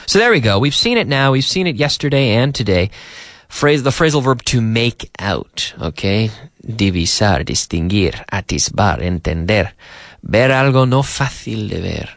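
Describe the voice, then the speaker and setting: A man's voice: lowish voice, very animated, moderate pace, creaky, fairly bright tone, no room sound. A man teaching English on a radio show from a studio, often repeating and rephrasing for learners. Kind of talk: radio language lesson. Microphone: studio microphone.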